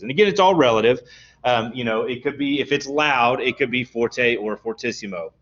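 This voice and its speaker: A male music instructor lectures in an everyday, mid-range voice, walking through definitions patiently and pausing to check that the class follows. The recording is dull and lo-fi, with the top end muffled. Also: medium pitch, a bit bright. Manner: explanatory, often checks understanding with "okay?".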